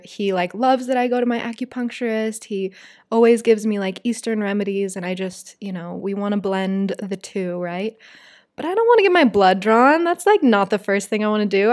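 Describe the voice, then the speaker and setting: A woman's voice: medium pitch, expressive, moderate pace, darkish tone. A woman hosts her own podcast alone. She talks in a loose, confiding way, full of fillers as she speaks straight to her listeners. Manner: chatty, confiding, many "like" and "you guys" fillers. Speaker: podcast host. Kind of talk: casual solo podcast chat.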